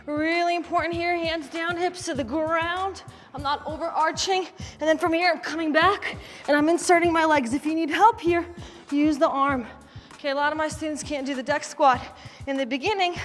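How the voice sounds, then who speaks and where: A woman's voice: high voice, fairly bright tone, in a large hall. A woman fitness instructor leading a live kettlebell class, counting down reps and cueing moves while demonstrating. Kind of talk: live workout class coaching.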